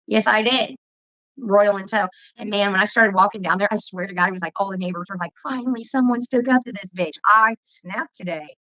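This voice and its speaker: A woman's voice: mid-range voice, steady tone, a little fast, pushed and bright, no room sound. A woman vlogger telling heated, profane stories in casual livestream chat, with dull lo-fi audio.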